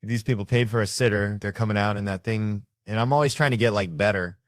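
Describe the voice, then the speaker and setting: American comedian guy rambling thru stories, low voice, dry sound, jokes at himself. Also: no echo. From United States. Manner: rambling, self-mocking, quick asides. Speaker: guest comedian. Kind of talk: casual storytelling chat.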